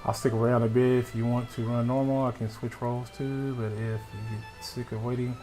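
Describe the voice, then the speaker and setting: A man's voice: medium pitch, flat delivery, a little fast, warm tone, faint music behind. A man livestreaming a game, chatting casually with chat and a friend, often laughing and joking.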